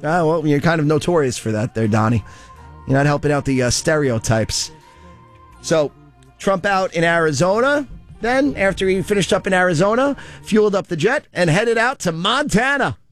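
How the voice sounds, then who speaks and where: A man's voice: fairly high pitch, expressive, normal speed, soft background music. A man hosting a political commentary show, talking in a loose, chatty and sarcastic way. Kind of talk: casual commentary.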